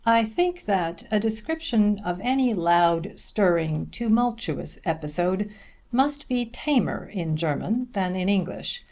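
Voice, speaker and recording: A man reading a humorous essay aloud as an audiobook narrator, with a measured, dry delivery. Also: sits high, animated, vocal fry, darkish tone.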